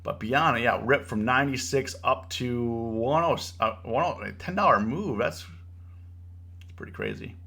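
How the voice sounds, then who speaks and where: In an unhurried, medium-pitched voice, a young male trading streamer offers casual live commentary. He still grows animated and preachy as he lectures, repeating himself heavily and saying "bro" and "you know."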